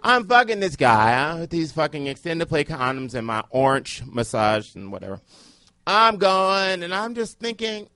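A man telling a comic story in boisterous, profane, animated chat. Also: on the high side, moderate pace, no room sound.

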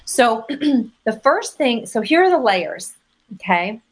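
A woman's voice: fairly high pitch, very animated, takes it slowly. Emphatic woman giving dating advice. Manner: emphatic, acts out sample messages in quoted voices. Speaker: dating coach. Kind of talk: advice talk on a podcast.

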